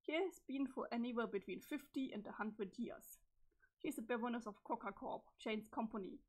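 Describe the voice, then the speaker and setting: A woman reading the part of a calm, cryptic teenage boy from the future in a webcomic, in a flat, measured delivery with a strained voice. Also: on the high side, close to an everyday voice. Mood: deadpan. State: strained, failing voice. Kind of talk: reading a webcomic's chat logs aloud.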